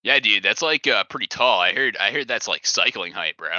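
A vain, macho middle-aged pro skier, played by a man with meathead bravado and a sharp, bright, tense tone. The sound is dry and a bit dull. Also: lowish voice, animated, fairly quick, dry recording. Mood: bragging. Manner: boastful meathead bravado, slangy. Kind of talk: improv comedy character.

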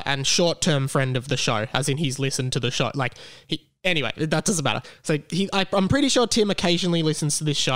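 A young man hosts a podcast in loose, rambling chat and keeps correcting himself mid-sentence. His voice is smooth and sits a little high for a man. The sound is dry and close to the mic. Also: a bit bright, no room sound. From Australia. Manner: rambling, self-correcting storyteller. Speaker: podcast host. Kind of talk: casual solo podcast chat.

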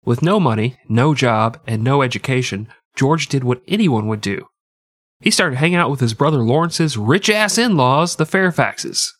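A man's voice: mid-range voice, animated, normal speed, fairly bright tone, dry recording. A nasal-voiced man co-hosts a podcast, telling history with crude jokes and an irreverent edge. His voice sits mid-range, and the sound is dry and close. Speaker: podcast co-host. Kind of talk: comic history storytelling.

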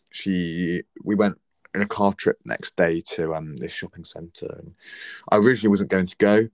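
A man's voice: low-pitched, no room sound, studio quality. A young man in his twenties talking earnestly and reflectively, giving heartfelt advice in a casual conversation.

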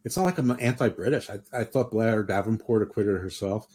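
A man's voice: lowish voice, brisk, darkish tone, slightly rough. A man hosting a podcast in casual chat, opinionated and rambling, often restarting his sentences. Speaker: podcast host.

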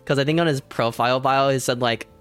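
A man's voice: mid-range voice, fairly even intonation, quick pace, fairly bright tone, clean tone, faint music behind. A young man co-hosting a casual podcast, slangy and joking. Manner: joking, slangy, mock-dramatic. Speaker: podcast co-host.

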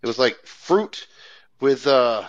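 A young man rambling through laid-back, cussing anecdotes on a casual podcast. His pitch is middle-range. The recording has a dull, lo-fi quality. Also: lively intonation, takes it slowly. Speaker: podcast co-host. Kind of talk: casual chat. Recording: dull lo-fi sound.

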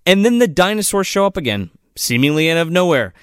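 A man's voice: on the high side, a little fast, clean tone, no echo, clean studio sound. A man chatting casually and crudely as a podcast co-host, recapping a movie and acting out the characters. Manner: crude, animated, acts out characters in quotes.

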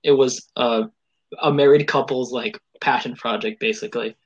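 A man's voice: medium pitch, steady tone, normal speed, husky, highs cut off. A young man co-hosting a casual podcast from home, rambling with lots of fillers and laughter. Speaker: podcast co-host. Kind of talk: casual chat. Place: home room, remote call.

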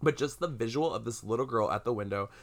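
A young man at a middle pitch co-hosting a relaxed podcast. He tells a ghost story in an animated, rambling way, full of "like" and restarts. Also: fast talker, vocal fry, a crowd in the background. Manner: animated storyteller, many "like" fillers. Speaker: podcast co-host. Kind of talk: casual chat, telling a ghost story.

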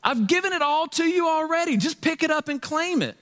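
A man's voice: on the high side, quick pace. A man voicing a loving, generous father who welcomes his son home, his speech emphatic and pleading. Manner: emphatic, pleading, raised and excited. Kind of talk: sermon retelling a parable.

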